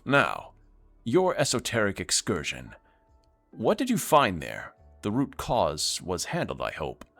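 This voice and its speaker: A man doing a smug, scheming lord from a narrative video game, clipped and condescending, his voice pushed above the reader's own low register. Each line lands haughty, with big swings in pitch. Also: huge pitch swings, unhurried, gravelly, a bit bright, faint music behind, full character voice. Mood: imperious.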